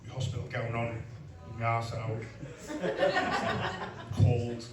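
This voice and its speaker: A man's voice: medium pitch, expressive, extremely slow, very noisy. A middle-aged man doing a stand-up comedy set, blunt and self-mocking, with asides to the crowd. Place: comedy club stage with live audience. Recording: roomy club sound from a distance, crowd laughter.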